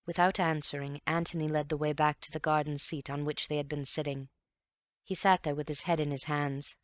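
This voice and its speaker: A woman narrates a classic novel in calm, even storytelling. Her voice sits low. The recording is dry, with no room sound. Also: normal speed, dry recording. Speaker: audiobook narrator. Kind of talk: scripted audiobook narration.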